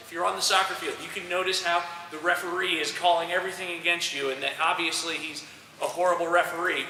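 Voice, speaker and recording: A male soccer coach lectures a group of young athletes in a bright, forceful voice, pitched a little high. He talks directly and keeps checking in with the room. He is picked up from a distance in a large echoing room with faint background noise. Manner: energetic, direct, addresses group with frequent "okay". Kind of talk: motivational talk to young athletes. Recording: roomy echo, distant mic, faint noise.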